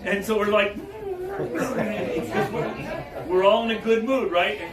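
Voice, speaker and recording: A man giving a public talk, telling stories in an animated way and chuckling as he goes. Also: high voice, takes it slowly, over a noisy crowd. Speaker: guest speaker. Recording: echoey room, distant mic, faint background noise.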